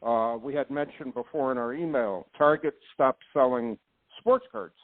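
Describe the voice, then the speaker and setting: Male podcast host, mid-pitch, rambly and indignant, tinny phone-line audio. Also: moderate pace, dry recording. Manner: rambling, indignant, restarts often. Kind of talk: casual chat.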